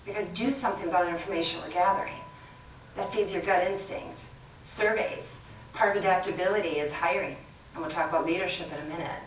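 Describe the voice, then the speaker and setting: A middle-aged woman giving a leadership talk to an audience, chatty and quick to laugh. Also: medium pitch. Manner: chatty, laughs often, plays with the crowd. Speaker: guest speaker. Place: lecture room with audience. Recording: roomy sound from a distant mic, faint background noise.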